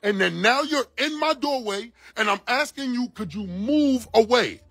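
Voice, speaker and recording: This man's very high-pitched voice is expressive and a bit bright, at a normal speed with no echo. Broadcasting live on his phone from his home's doorway, he repeats his pleas and demands agitatedly in a confrontation.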